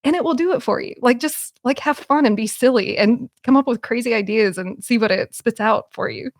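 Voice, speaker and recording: A woman talking casually as a podcast guest, animated, with many fillers and restarts. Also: fairly high pitch, fairly quick, dry recording, clean studio sound. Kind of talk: casual conversation.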